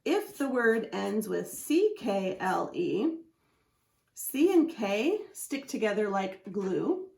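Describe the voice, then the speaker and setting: A woman's voice: mid-range voice, very animated, takes it slowly, gravelly, a little mellow. A woman teaching a phonics lesson, patiently sounding out letters and syllables as she explains a chart. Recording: echoey room.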